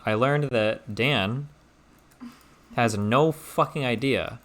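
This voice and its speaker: A young man streaming, teasing a visitor and telling a story in an animated, profane way. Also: mid-range voice, takes it slowly. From Omaha, Nebraska, US. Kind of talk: casual stream chat and storytelling.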